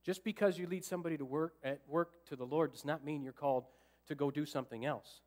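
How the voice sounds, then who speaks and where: A man's voice: fairly high pitch, fast talker. A male pastor preaching a storytelling sermon to his church, acting out his own thoughts with humor. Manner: animated, acts out his own thoughts and jokes with the congregation. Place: church sanctuary.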